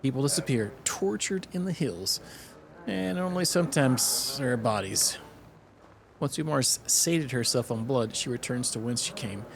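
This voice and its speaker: A man's voice: mid-range voice, lively intonation, measured pace, creaky, a crowd in the background. A man doing a pompous old-fashioned innkeeper. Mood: storytelling. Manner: self-important, theatrical old-fashioned speech. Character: pompous boastful male innkeeper, storyteller. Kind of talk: reading game dialogue aloud.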